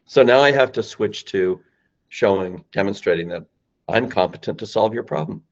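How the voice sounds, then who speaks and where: Male podcast guest, deep-ish, very lively delivery, dull lo-fi audio. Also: moderate pace, creaky. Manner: emphatic, acts out phone lines, rising and falling voice. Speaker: guest, sales company founder. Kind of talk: animated podcast explanation.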